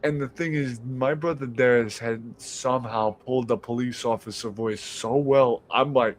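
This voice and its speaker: Male podcast host, mid-pitched, chatty storyteller, profane and animated. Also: normal speed. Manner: animated, profane, acts out quoted voices. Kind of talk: casual storytelling on a live stream.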